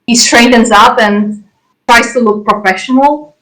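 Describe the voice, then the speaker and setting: A woman narrating a role-play scene as game master, casual and halting. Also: a little high, fairly bright tone, rough recording.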